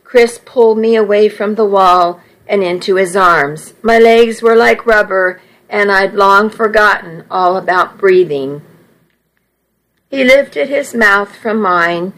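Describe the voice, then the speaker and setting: A woman reads a first-person romance audiobook at an unhurried pace, letting each sentence settle. Her pitch sits in a middle range and her delivery stays measured and even. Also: poor audio. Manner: slow, measured reading. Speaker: audiobook narrator.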